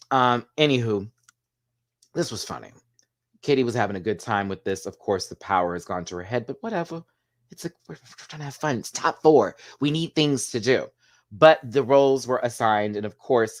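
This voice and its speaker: A man hosting a casual show recap, chatty and gossipy, laughing often as he talks. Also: medium pitch. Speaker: host.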